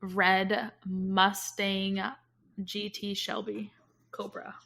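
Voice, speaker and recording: Slow, bright-voiced giggly woman. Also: mid-range voice, flat delivery, gravelly. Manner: giggly, playful. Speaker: podcast co-host. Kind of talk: casual chat.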